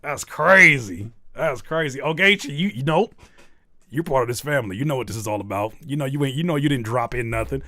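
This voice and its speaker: A man with a voice on the high side talks a little fast in clean, studio-quality audio with no echo. Hosting a livestream, he reads the chat casually and teases his viewers with animated mock scolding.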